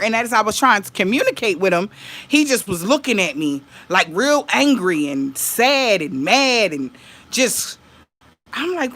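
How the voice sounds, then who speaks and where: A woman's voice: medium pitch, expressive, unhurried, fairly bright tone. A woman, telling a dream story to her viewers in casual vlog talk, laughing, swearing and acting out what people said. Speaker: vlogger.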